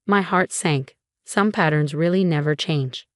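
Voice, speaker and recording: A woman giving calm, measured scripted first-person story narration. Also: deep voice, no echo, studio quality.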